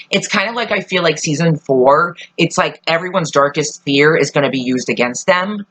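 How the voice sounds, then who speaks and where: A woman talks casually to camera with a bright, forward voice. She rambles, swears freely and often loses the thread, then picks it up again. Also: deep voice, normal speed, few pauses, husky, poor audio. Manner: chatty, swears often, trails off and restarts. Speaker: vlogger reviewing a TV trailer. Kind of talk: casual chat.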